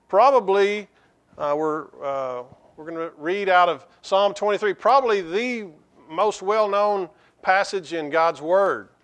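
A pastor gives a sermon in a high, light voice. He often stops and restarts his sentences, and he slows to a measured pace when he reads scripture aloud. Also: a bit bright. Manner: halting, with frequent restarts and fillers.

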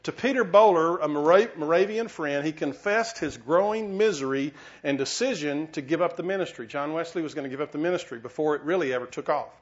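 A man's voice: a little high, a little fast, hardly any pauses. A man preaching a sermon as pastor, conversational, with restarts and teasing asides. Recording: dull lo-fi recording.

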